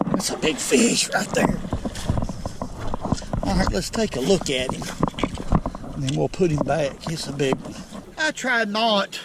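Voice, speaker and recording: A man with a Southern US accent hosting a fishing vlog from a lake bank, folksy and excitable as he talks straight to viewers. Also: on the high side, gravelly. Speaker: fishing channel host. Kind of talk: outdoor fishing vlog commentary. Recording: outdoor noise behind voice.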